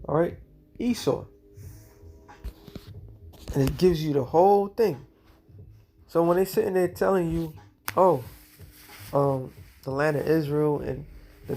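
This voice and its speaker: A man giving a combative religious commentary, speaking in casual slang and slowing into a measured cadence when he reads scripture aloud. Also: fairly high pitch, a little mellow. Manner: casual slangy speech, repeats "all right" and "okay".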